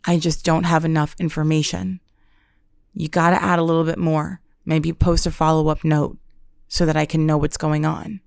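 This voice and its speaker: A young adult woman hosting a podcast, telling a comedic monologue with deadpan, dramatic exaggeration. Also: sits low, moderate pace, creaky, dry recording, clean studio sound. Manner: deadpan, dramatic storytelling with self-mocking exaggeration. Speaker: podcast host.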